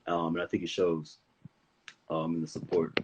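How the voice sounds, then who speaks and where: A young man speaking as the guest of a casual live-stream interview, relaxed and laid-back, laughing easily. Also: deep voice, normal speed, background noise. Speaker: guest athlete.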